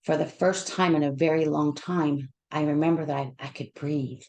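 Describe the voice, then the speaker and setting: Woman, deep voice, creaky fry, counselor speaking to listeners, emotional, restarts often. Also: fairly even intonation, darkish tone. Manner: heartfelt, emotional, halting with repeated restarts. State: emotional, near tears. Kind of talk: personal talk to listeners.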